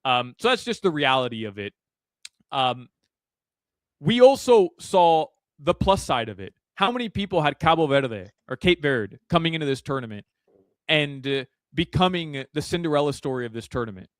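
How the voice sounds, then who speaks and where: Chatty, animated man talking soccer bets. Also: fairly high pitch, normal speed, no echo. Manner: animated, many fillers and restarts. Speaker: soccer betting analyst guest. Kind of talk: casual sports radio chat. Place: Miami.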